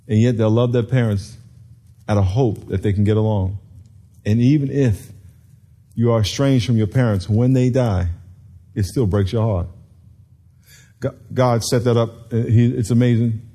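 A middle-aged man preaching a sermon in a church, calling on the congregation to repeat words back and acting out the people he quotes. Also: medium pitch. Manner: lively, calls for congregation responses, acts out quotes. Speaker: pastor.

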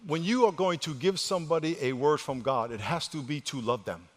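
A male pastor preaching a sermon. He leads the congregation in call-and-response, repeats words as he restarts, and moves between loud exhortation and hushed, quiet delivery. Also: on the high side, fairly quick. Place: church sanctuary with congregation. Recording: long reverb of a large church hall.

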